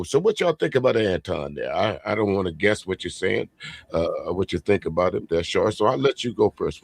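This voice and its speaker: A man hosting a casual live stream chat show, talking in a laid-back, drawn-out way and chuckling often. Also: on the low side, creaky, no echo.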